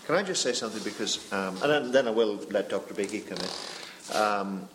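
A man moderating a panel discussion, reflective and earnest, often pausing and restarting. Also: fairly low pitch, fairly bright tone, a little hiss or hum.

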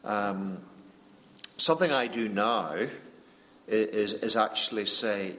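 Man, panel moderator, low voice, reflective, earnest, halting. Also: fairly bright tone. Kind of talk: panel discussion.

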